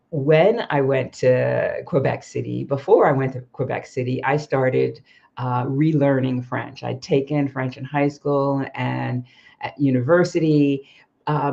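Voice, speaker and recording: A woman's voice: a bass voice, vocal fry, mellow. A woman hosting a livestream who tells personal stories in a chatty way, with frequent ums and self-corrections. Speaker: livestream host, expat coach. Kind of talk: casual personal storytelling. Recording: slightly muffled livestream audio.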